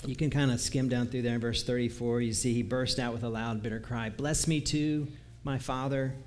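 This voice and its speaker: A man delivers a sermon in an easy, conversational way, reading scripture aloud and chuckling lightly at his own asides. His voice sits in an ordinary middle pitch. A faint hiss of noise runs underneath. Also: level tone, quick pace, darkish tone. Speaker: preacher.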